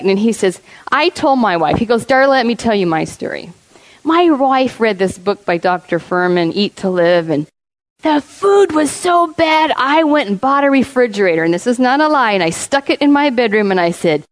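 A woman preaching a personal testimony in a fairly high voice. She tells her story with lively energy and acts out each quoted voice as she goes. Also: poor audio. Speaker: church speaker and health class teacher.

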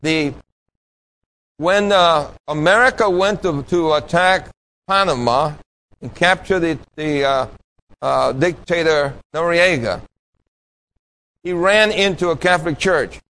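A man's voice: a little high, slow pace, pauses often, a bit bright, rough recording. A man preaching a sermon with an emphatic, pointed delivery, asking the congregation questions and answering them himself. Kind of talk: sermon with call-and-response.

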